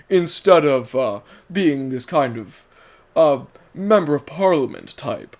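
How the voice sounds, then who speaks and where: Rambling British man, fairly high voice. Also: very animated, a little slow. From Britain. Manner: rambling, analytical. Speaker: commentator. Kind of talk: casual spoken commentary.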